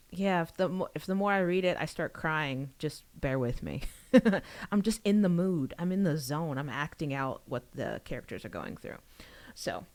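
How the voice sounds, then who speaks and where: A young woman chats casually with her livestream viewers about the book she wrote. She rambles and giggles, and her voice jumps up high when something excites her. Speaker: author streaming a book reading.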